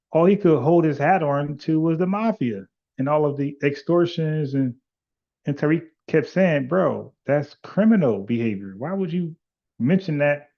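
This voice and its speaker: On a muffled, lo-fi live stream, a podcast host takes callers and argues bluntly, peppering his speech with "like" and restarting sentences. His voice is a little high.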